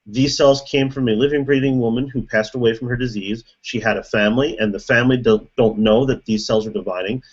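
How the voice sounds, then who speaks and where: A man's voice: mid-range voice, steady tone, fairly quick, hardly any pauses, muffled recording. A man in a casual group discussion, thinking aloud as he explains things at length. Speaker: meeting participant.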